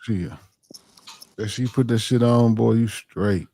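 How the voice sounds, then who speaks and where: A man's voice: mid-range voice, slow pace, gravelly, warm tone, no echo. A man in casual, profane podcast banter, defending himself emphatically. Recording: crowd chatter behind.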